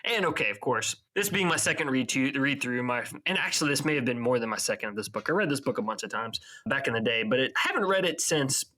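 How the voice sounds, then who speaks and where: A man with a bright, forceful voice talks through a book's chapters in a relaxed podcast chat. He keeps slipping into brief character voices while he retells the scenes. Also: mid-range voice, fast talker, few pauses, poor audio. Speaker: podcast co-host. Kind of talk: casual book recap chat.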